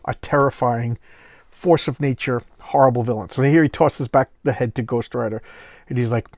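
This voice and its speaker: Guy rambling excitedly about comics, mid-pitched voice, dry close sound. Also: moderate pace, no echo. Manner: animated, rambling retelling. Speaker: comic book reviewer. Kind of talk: casual comic commentary.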